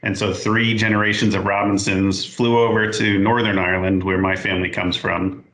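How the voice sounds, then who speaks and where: Man, 40s, podcast guest. Low, forceful voice, halting and unhurried, recorded in a roomy space. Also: little pitch movement. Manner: halting, unhurried, stops to correct himself. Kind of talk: casual storytelling.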